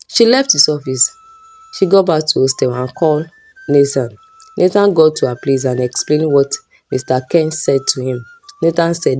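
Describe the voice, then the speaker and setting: A woman narrating a folk story in a plain, steady way. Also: sits low, normal speed, faint music behind.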